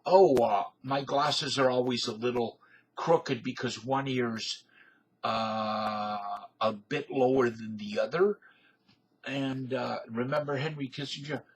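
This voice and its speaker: Slow, husky man in his fifties. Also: mid-range voice, low-quality recording. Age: 50s. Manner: folksy, digressive, filler-heavy. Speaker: video blogger. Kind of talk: rambling casual monologue.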